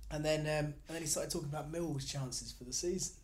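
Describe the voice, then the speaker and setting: Fast-talking man with a Surrey accent. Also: a little high, fairly even intonation, a little mellow, slight background noise. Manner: rambling storyteller, halting restarts. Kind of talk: casual chat.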